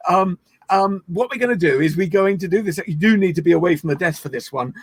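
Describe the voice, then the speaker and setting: Male laughter yoga leader; high, dry, playful and encouraging on a call. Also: expressive, quick pace, slightly rough, no room sound. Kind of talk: guided online laughter exercise. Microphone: video call.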